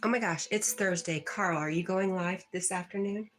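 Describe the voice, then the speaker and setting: A woman's voice: fairly low pitch, moderate pace, faint music behind. Chatty Southern woman reading comments aloud. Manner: warm, chatty, laughs often, talks to her pet. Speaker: livestream host. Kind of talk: casual livestream chat reading comments.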